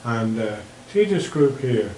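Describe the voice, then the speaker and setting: A man's voice: mid-range voice, big pitch swings, a little slow, mellow, poor audio. Irish guy telling local history stories, chatty and wry, bit of hiss in the room. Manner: anecdotal, chatty, wry asides. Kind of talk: public history talk with slides.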